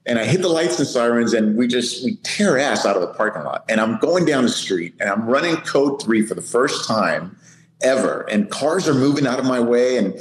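Man, middle-aged, police sergeant, lively anecdotes, roomy room, faint noise. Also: mid-range voice, normal speed. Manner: lively, laughing anecdote teller. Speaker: police sergeant, podcast guest. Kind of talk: animated storytelling.

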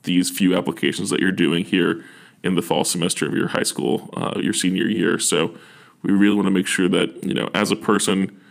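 A man's voice: low-pitched, little pitch movement, fairly quick, creaky. A young man working as a university admissions officer, giving earnest, encouraging advice in a casual talk, with frequent fillers and restarts.

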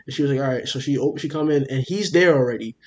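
A young man, a podcast co-host, telling a story in casual chat, animated and profane, acting out what everyone said. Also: medium pitch, muffled recording, a little hiss or hum. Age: young adult. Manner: animated, profane, rapid retelling with quoted dialogue.

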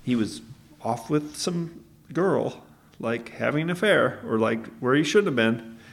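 Man, podcast co-host, gravelly voice, rambling casual chat, stops to correct himself. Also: medium pitch, expressive, measured pace. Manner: rambling, self-correcting storyteller.

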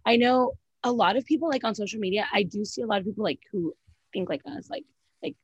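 Blunt, husky-voiced woman ranting. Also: on the high side, lively intonation, fast talker, no echo, poor audio. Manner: blunt, profane, keeps saying "literally" and "like". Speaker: podcast co-host. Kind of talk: casual reality-TV recap chat.

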